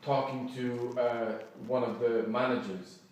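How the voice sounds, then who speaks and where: A man's voice: medium pitch, steady tone, measured pace, darkish tone, distant mic, slight background noise. A man rambles through an upset account of what happened to him, restarting sentences and acting out what others said. He sits well back from the microphone in a strongly echoing room, with faint room ambience behind him. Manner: rambling, quotes people in his retelling, restarts often. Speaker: man recounting a complaint. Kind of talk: agitated first-person account. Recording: echoey room, voice from off-mic.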